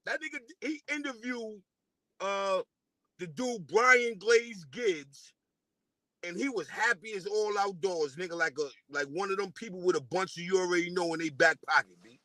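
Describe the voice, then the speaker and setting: A man's voice: high voice, moderate pace, bright, forceful tone, no echo. A man from New delivering a casual, profane diss rant at a rival, taunting and repeating himself.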